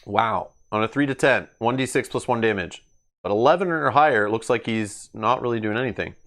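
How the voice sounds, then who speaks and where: A man's voice: lowish voice, a little fast, a bit bright. A man streaming a solo card game playthrough, thinking aloud as he reads cards, laughing often. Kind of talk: casual solo playthrough commentary. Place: home gaming table.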